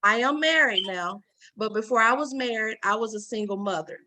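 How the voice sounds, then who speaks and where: A woman's voice: a little high, moderate pace, slight background noise. A woman giving firm, faith-filled encouragement to a younger mother on a video call. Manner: warm, preachy, firm encouragement. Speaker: encouraging mentor in a women's group. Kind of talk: motivational faith talk.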